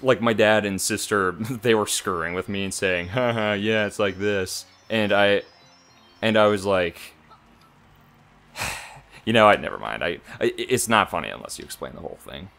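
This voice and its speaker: A man in his mid-twenties co-hosts a casual gaming let's play, hesitant and rambling and quick to poke fun at himself. His voice sits very low yet moves a lot in pitch, with a bright, forceful edge. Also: animated, gravelly. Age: mid-20s. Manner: rambling, hesitant, self-deprecating.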